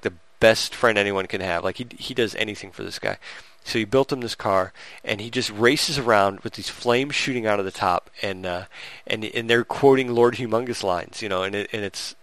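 A man's voice: fairly low pitch, no room sound. Rambling man retelling a film, close and dry. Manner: rambling, animated storytelling with frequent restarts and laughs. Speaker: podcast co-host reviewing a movie. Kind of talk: casual chat.

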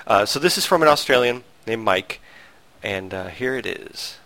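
A man's voice: mid-range voice, normal speed. Laid-back male podcast host. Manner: relaxed, chuckling, hesitant fillers. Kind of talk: casual chat.

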